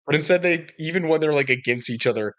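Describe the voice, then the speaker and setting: A man's voice: fairly high pitch, quick pace, a bit bright. A young man co-hosting a podcast, giving easygoing, wry commentary on a movie. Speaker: podcast co-host. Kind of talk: casual movie discussion.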